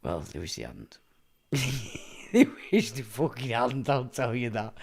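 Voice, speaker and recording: A man's voice: mid-range voice, very animated, unhurried, gravelly, a little mellow. A middle-aged man, hosting a livestream and ranting in a blunt, profane, rambling monologue. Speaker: livestream host.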